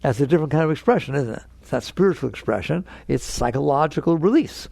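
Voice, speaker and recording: A man with a gravelly, slightly high voice leads a spiritual lecture, leaning hard on repeated key words. He slips into little acted voices and chuckles as he explains. The sound is close and dry. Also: lively intonation, quick pace, a little mellow, no echo. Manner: acts out inner voices in quotes. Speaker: spiritual teacher.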